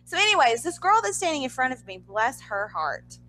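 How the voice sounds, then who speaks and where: Bright, high-pitched, animated woman. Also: soft background music, poor audio. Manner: animated, talks fast with frequent fillers and asides. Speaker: podcast co-host. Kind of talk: casual storytelling chat.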